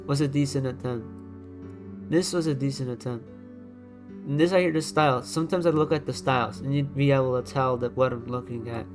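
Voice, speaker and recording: A man's voice: medium pitch, a little mellow. A man giving casual commentary as he ranks designs. He talks bluntly and repeats himself, thinking aloud, and keeps his voice down so he won't overload his microphone. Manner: blunt, repetitive, thinks aloud while dragging items. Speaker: YouTuber ranking designs. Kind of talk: casual screen-recorded commentary. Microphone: desk microphone.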